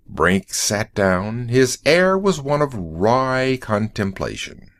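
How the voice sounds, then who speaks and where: A man narrating a story in a slow, clear audiobook reading for English learners. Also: mid-range voice, sing-song, fairly bright tone. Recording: dry close recording.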